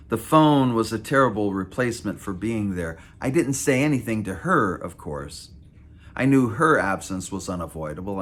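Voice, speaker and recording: A man in his fifties reads aloud from his own memoir. His voice sits low but moves a lot, rising and dipping through wry, self-mocking asides. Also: slight background noise. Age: 50s. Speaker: author.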